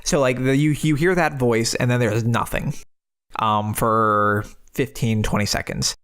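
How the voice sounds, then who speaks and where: A man's voice: medium pitch, fairly even intonation, a little slow, a bit bright, clean tone. A man running a tabletop game as game master, narrating scenes with frequent ums and restarts. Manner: hesitant, lots of ums and restarts.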